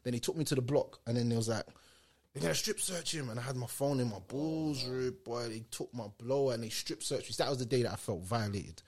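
A man's voice: medium pitch, quick pace, hardly any pauses. A man chatting casually as a guest, telling a story in heavy street slang and acting out what others said. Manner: animated storyteller, heavy street slang, acts out quoted voices. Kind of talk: casual chat.

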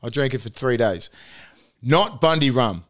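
A man's voice: medium pitch, measured pace. A man with an Australian accent, a podcast host, telling a story over casual chat in a studio, swearing and laughing as he goes. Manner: laughing, profane, animated storyteller. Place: recording studio.

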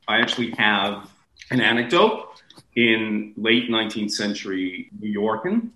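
Animated American man, roomy sound. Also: a little slow. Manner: animated, rambling, swoops in pitch. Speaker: guest speaking on accents. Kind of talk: casual discussion.

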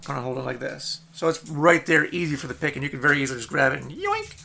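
A man's voice: fairly high pitch, huge pitch swings, fast, creaky, sharp tone, a little hiss or hum. A man narrating as game master in a loose, rambling way.

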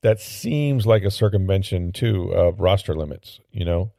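A man with a low, gravelly voice talks sports in a loose, opinionated way, circling back with plenty of "um"s and "you know"s. His tone is dark and mellow. The recording is close and dry. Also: normal speed, hardly any pauses, no room sound. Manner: rambling and opinionated, with frequent fillers and restarts. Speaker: sports podcast host. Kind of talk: casual sports talk commentary.

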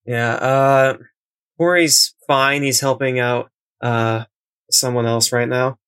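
A man's voice: mid-range voice, fairly even intonation, a bit bright, clean tone, dry recording. A man playing his character in a tabletop game, speaking hesitantly with many restarts. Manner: hesitant, halting, often restarts. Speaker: player. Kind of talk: tabletop role-play.

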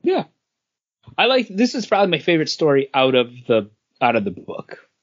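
A man's voice: on the high side, big pitch swings, moderate pace, lo-fi sound. A man co-hosting a casual comics podcast, chatting in an easygoing, agreeable way. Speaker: podcast co-host.

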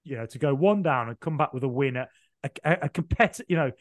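A man's voice: mid-range voice, expressive, fast, no room sound. A man co-hosting a football podcast, telling rambling, jokey stories with lots of fillers. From Birmingham, England. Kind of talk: casual chat.

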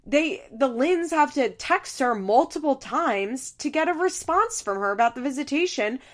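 A woman's voice: high voice, animated, moderate pace. Exasperated young woman ranting casually. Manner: heated, exasperated, frequent "like" fillers, swears. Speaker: reality TV commentator. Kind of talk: casual recap commentary.

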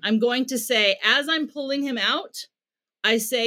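A woman's voice: fairly high pitch, a little slow, sharp tone. A middle-aged woman, a parenting expert, answering in an interview and explaining her methods earnestly, acting out short bits of dialogue as examples.

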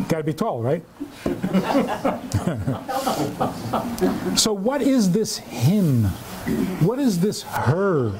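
A rabbi lectures a live audience in a high, lively voice that rises and falls a great deal. He takes his time, telling stories and tossing out rhetorical questions with a joking touch. Steady background noise runs under the recording. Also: drawn-out words, long pauses. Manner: humorous storytelling with rhetorical questions.

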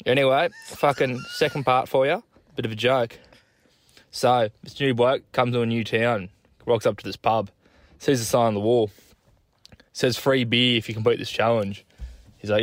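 An Australian man calls in with a crude joke in a laid-back, unhurried way. He swears every few words. His voice sits at a middle pitch, and the sound is dry and close. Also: fairly even intonation, dry recording. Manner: swears constantly, laid-back yarn-spinning. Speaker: caller. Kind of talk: crude casual joke-telling voice message.

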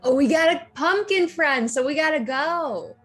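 A high-pitched woman takes part in a tabletop game, joking with the others. Faint music plays behind. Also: animated, moderate pace, fairly bright tone. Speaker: player.

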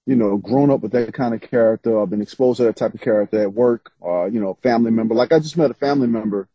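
A man's voice: on the low side, fast, husky, dry recording. A man, an author guest, telling stories in casual interview chat with frequent laughs. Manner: animated storytelling, laughs often. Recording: slightly dull lo-fi sound.

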